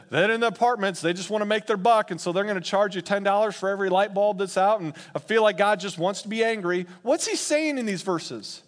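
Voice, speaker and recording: A man preaching a sermon in an animated, laughing way, acting out quotes in playful voices. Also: sits high. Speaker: pastor.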